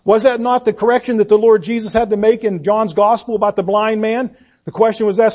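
A man preaching a sermon. He asks the congregation rhetorical questions and swings between loud emphasis and hushed delivery. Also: sits high, a little fast.

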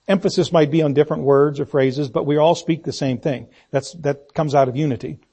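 A man's voice: on the high side, fairly even intonation, a little fast, warm tone, breathy edge. A man preaching an expository sermon in a church, emphatic, repeating key phrases and asking the congregation questions.

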